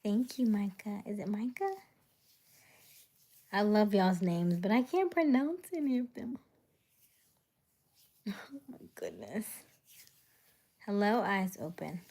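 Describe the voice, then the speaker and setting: A woman hosting a casual late-night live stream, greeting viewers by name and often dropping into a soft whisper. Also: medium pitch, big pitch swings, takes it slowly, vocal fry, pauses often. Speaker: livestream host.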